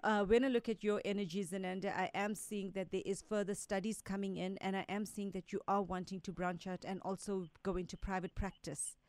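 A woman's voice: mid-range voice, fairly even intonation, brisk, hardly any pauses, a little mellow, dry recording. A woman giving psychic readings to radio callers, speaking in a direct, reassuring way and relaying messages as quotes. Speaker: resident psychic medium.

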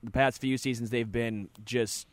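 Male sports radio co-host, mid-pitched, dry close studio mic, joking banter, teasing, quick takes. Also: steady tone, no echo.

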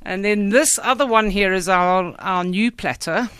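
A woman's voice: mid-range voice, a little slow, fairly bright tone, smooth, no room sound. A woman, founder of a food shop, describing her menu as a guest in a radio studio. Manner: friendly, plain, lists menu items. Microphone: studio microphone.

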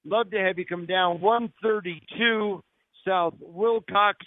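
A man with a high, steady voice speaks slowly as he hosts live radio on location, promoting a restaurant through jokey, upbeat salesman patter. The audio comes through narrow, dry and phone-like.

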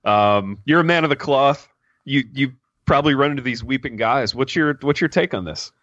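A man's voice: normal speed, no echo. A man co-hosting a podcast in a casual, jokey, teasing way. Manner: jokey, teasing, animated pitch jumps. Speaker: podcast co-host. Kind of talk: casual chat. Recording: dull, slightly lo-fi dry sound.

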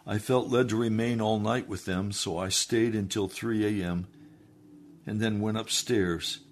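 A man preaching a sermon, reading aloud from a book and then pleading with his listeners, dropping low and quiet and then building to loud, emphatic appeals. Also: steady tone, unhurried. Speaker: pastor.

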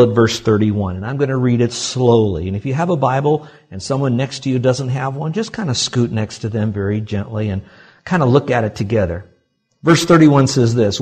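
A male pastor preaching a sermon to his congregation, swinging between loud exclamations and quiet asides. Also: medium pitch, husky. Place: church sanctuary.

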